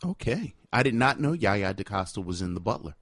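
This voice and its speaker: A man co-hosting a podcast in casual chat, playful and quick to tease and banter. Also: fairly low pitch, very animated, fairly bright tone, no room sound, studio quality. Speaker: podcast co-host.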